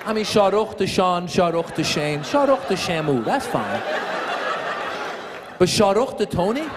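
A man's voice: high-pitched, expressive, moderate pace, background noise. A man performing a stand-up comedy story and putting on voices for the people in it. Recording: live stage recording with a loud audience. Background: loud audience laughter.

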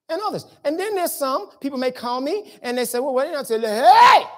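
A man pastor from the preaching a sermon in church, in a talky, colloquial way full of rhetorical questions. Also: very high-pitched. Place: church sanctuary.

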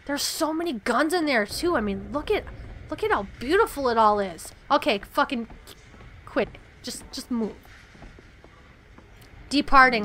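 Bright-voiced woman swearing through a game. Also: high-pitched, animated, a little hiss or hum. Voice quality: swears a lot, chatty, quick to get upset. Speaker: gaming channel host. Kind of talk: casual let's-play commentary.

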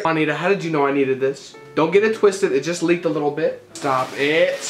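An art vlogger chatting casually to camera at home, excitable and gushing. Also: mid-range voice, normal speed, few pauses. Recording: roomy echo with faint music.

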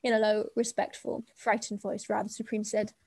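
A woman reading a children's novel aloud in a lively, amused way, chatting about it afterwards. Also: medium pitch, moderate pace, slightly rough. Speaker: reader.

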